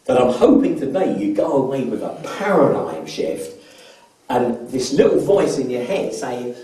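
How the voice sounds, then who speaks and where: A man leads a motivational seminar, quizzing the crowd and often doubling his first words. His mellow voice is picked up from well back in a large convention hall that rings with echo. The delivery is a live seminar talk. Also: medium pitch, sing-song, moderate pace. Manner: polls the audience with questions, often repeats words when starting a phrase. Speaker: business mentor giving a training seminar. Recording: echoey hall, voice from far off.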